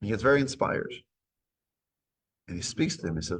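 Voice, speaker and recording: A man's voice: on the low side, lively intonation, normal speed, a bit bright, husky. A man teaching a weekly Torah class, retelling a story and acting out its dialogue. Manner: acts out dialogue in retold stories.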